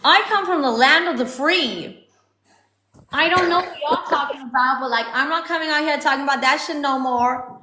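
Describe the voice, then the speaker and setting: A woman doing a loud, sassy American voice, pitched up and full of swagger. It sounds like a mock rant with plenty of attitude, recorded in an echoey room. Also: normal speed, noisy background, lightly acted. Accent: American (put on).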